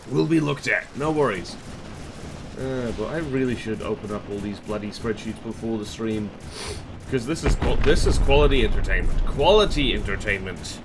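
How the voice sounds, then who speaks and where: A man's voice: mid-range voice, background noise. Man streaming playful Australian chatter. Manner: playful, self-mocking, chatty, hums to himself. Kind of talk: casual live-stream chat while working.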